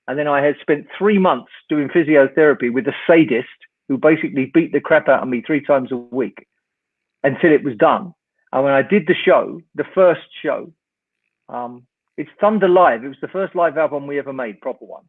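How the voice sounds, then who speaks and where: A man's voice: fairly high pitch, moderate pace. An older man, a guest telling a long anecdote, wryly acting out both sides of the dialogue. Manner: lively raconteur, wry, acts out the dialogue. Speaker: guest, rock singer. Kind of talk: storytelling anecdote in an interview. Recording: tinny phone-like line.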